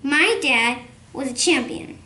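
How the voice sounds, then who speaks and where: Storyteller father, conspiratorial and lively, read by a woman; high, unhurried, in an echoey room. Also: heavily acted. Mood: scornful. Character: cheerful rural father, storyteller, man.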